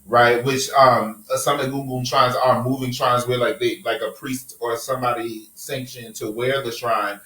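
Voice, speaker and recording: A man's voice: mid-range voice, flat delivery, moderate pace, few pauses, bright, forceful tone, echoey room, far from the mic, low-quality recording. A man hosting a podcast, holding forth in a passionate, profane rant during a casual group discussion. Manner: impassioned, profane, preachy rants. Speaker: podcast host.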